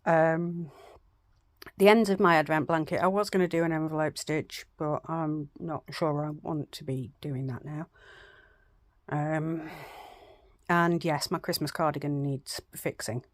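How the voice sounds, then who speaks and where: A chatty woman talks to the camera at home in an unhurried, easygoing way. Her voice sits in a middling range and sounds dry and close, with no room echo. She rambles warmly through her plans, poking fun at herself. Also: low-pitched, fairly even intonation. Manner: chatty, self-deprecating, rambling with fillers. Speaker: craft vlogger. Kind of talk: casual chat to camera. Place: home craft room, indoors.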